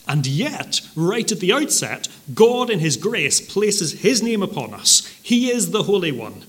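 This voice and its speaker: A man preaching a sermon, explaining a passage in a measured teaching manner, with occasional fillers and stressed repetitions. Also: high-pitched, sing-song, a bit bright.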